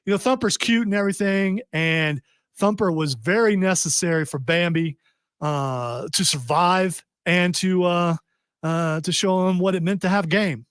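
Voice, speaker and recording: A man's voice: high voice, measured pace, fairly bright tone, smooth, no echo, studio quality. A man hosting a casual radio talk show, rambling and interrupting himself, laughing often. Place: radio studio.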